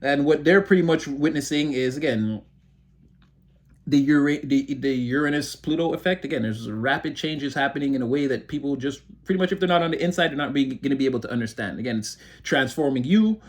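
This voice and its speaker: A man giving a casual tarot reading, excitable and giggly, talking in a rambling rush that keeps breaking into laughter. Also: mid-range voice, a little fast. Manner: excitable, giggly motor mouth. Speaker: tarot reader.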